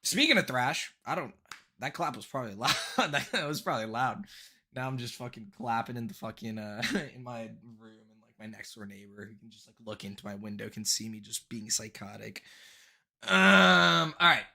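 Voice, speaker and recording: A man's voice: mid-range voice, animated, normal speed, vocal fry, sharp tone. A young man hosting a casual live stream from his bedroom, rambling and swearing, with frequent laughs and restarts. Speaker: streamer reviewing viewer decks.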